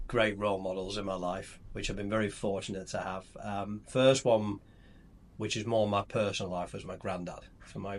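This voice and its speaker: A middle-aged man, a company founder chatting casually on a podcast, rambling and telling stories with many restarts. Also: fairly low pitch. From England. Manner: relaxed, rambling storyteller with restarts.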